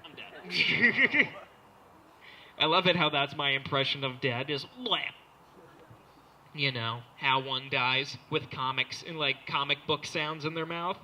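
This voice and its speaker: A man's voice: mid-range voice, measured pace, bright, forceful tone. A young man doing a rambling, self-mocking stand-up comedy set before a live crowd. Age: young adult. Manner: rambling, self-mocking, jumps into silly character voices.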